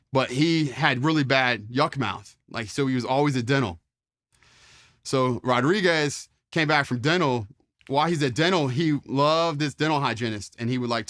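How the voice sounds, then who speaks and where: Rambling, fast-talking man in his forties. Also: medium pitch, a bit bright. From Charlottesville, Virginia, US. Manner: rambling with many fillers, mild profanity, acts out quotes. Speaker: interview guest, former Marine. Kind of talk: casual storytelling.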